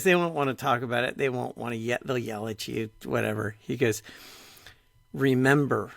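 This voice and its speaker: A middle-aged man hosting a podcast, chatting casually and retelling conversations in an animated way, full of "like". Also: medium pitch, gravelly, no room sound. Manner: animated storyteller, retells dialogue, frequent "like". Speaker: podcast host.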